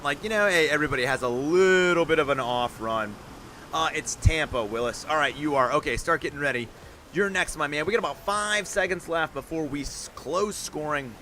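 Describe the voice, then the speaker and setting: A man announcing a live gaming stream with a bright, forceful voice pitched a little high. He chats with viewers between runs and breaks into excited yells at big jumps. A faint hiss of noise sits under the voice. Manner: upbeat, chatty, bursts of excited yelling. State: out of breath. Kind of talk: live-stream play-by-play commentary.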